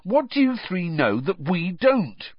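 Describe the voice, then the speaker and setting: A grumpy, impatient teenage boy complains in a raised voice, as a man puts him on. The storybook reading sounds husky and dry. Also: high voice, sing-song, measured pace, no echo, lo-fi sound, pitched above the performer's own voice, heavily acted. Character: curious, irritable teenage boy.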